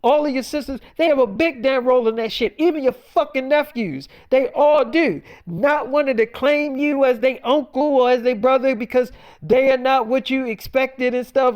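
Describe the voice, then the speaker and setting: A man's voice: very high-pitched, normal speed, clean tone. A man delivering a blunt, profane freestyle monologue, preaching in loose, repetitive bursts. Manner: preachy, blunt, swears heavily, rambling repetitions. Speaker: self-styled prophet vlogger.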